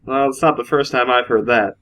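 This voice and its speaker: A man's voice: mid-range voice, brisk, fairly bright tone. A man co-hosting a casual podcast, laid-back and teasing, laughing often. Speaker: podcast co-host. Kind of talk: casual chat.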